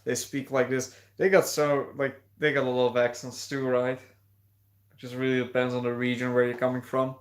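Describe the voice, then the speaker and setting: A man's voice: mid-range voice, flat delivery, moderate pace. A man hosting a casual livestream, talking hesitantly with many fillers and restarts. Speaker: livestream host.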